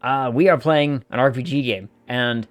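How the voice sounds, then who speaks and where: A man's voice: medium pitch, moderate pace, no echo. Chatty streamer man, dry close mic. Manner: chatty, loose, swears casually. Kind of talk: casual gaming stream chat.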